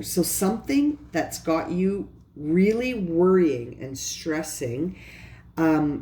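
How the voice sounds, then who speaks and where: A mellow-toned tarot reader talks straight to the viewer, circling back to the same points and firing off gentle rhetorical questions. The voice sits in an echoey room with a faint hum of ambience behind it. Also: mid-range voice. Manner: earnest, repetitive, addresses viewer directly with rhetorical questions. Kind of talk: pick-a-pile tarot reading.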